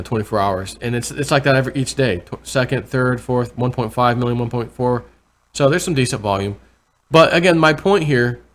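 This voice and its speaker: A man vlogging casual commentary over price charts, rambling and correcting himself, with excited bursts over numbers. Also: medium pitch. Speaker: crypto vlogger.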